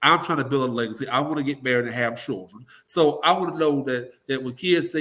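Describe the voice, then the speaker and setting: This political guest, a talk radio personality, talks fast with few pauses in a medium-pitched voice that sounds pushed and bright. His interview opinions are blunt and emphatic, full of profanity, and he acts out the voices of people he cites.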